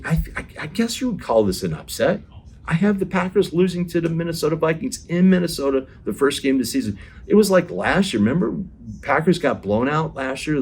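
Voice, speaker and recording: Excitable man giving football picks. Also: medium pitch, husky. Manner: excitable, addresses viewers directly, repeats himself. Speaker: NFL show host and analyst. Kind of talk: sports predictions monologue.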